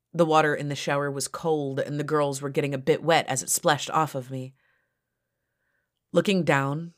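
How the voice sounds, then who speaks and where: A woman author narrating her own first-person story in a steady, low-key reading.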